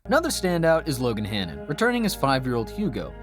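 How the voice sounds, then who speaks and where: A man's voice: mid-range voice, wildly swooping pitch, fast talker, faint music behind. A man narrating a scripted video game review with dry, sarcastic asides.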